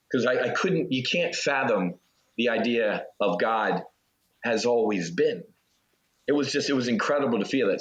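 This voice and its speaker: A man of middle pitch tells a personal story in an earnest, halting way, breaking off and restarting his sentences. His voice is slightly dull and lo-fi. It carries a roomy echo. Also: a bit bright. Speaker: interview guest, former Navy fighter pilot. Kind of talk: casual interview storytelling.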